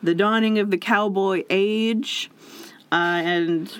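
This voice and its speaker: A woman host telling a history story in a relaxed chat, animated and quick to laugh. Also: medium pitch, smooth. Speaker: podcast host.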